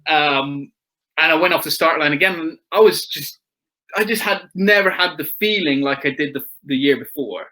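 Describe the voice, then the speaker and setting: Bright chatty man telling stories. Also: fairly high pitch, moderate pace, low-quality recording. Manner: chatty storyteller, laughs often, acts out quotes. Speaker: guest motocross rider. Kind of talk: casual chat.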